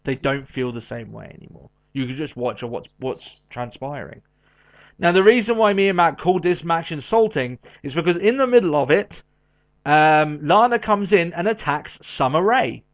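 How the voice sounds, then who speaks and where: A man co-hosting a podcast in casual chat, animated and quick with asides and frequent laughs. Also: fairly high pitch. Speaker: podcast co-host. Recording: dull lo-fi audio.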